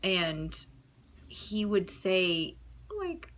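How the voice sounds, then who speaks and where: A woman's voice: medium pitch, normal speed, sharp tone. A young American woman telling her own stories to the camera in a casual, chatty way, giggling, trailing off and restarting her sentences. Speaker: vlogger.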